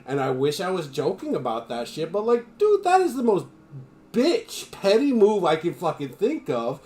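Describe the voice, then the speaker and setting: A man's voice: high voice, wildly swooping pitch, normal speed, dark tone. A man from the United States ranting his opinions in casual live-stream chat, swearing freely.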